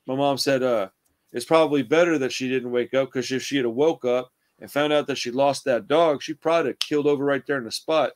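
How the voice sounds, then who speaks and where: A man's voice: mid-range voice, a little fast. A young man telling rambling stories in casual chat, swearing a lot and calling people dude and bro.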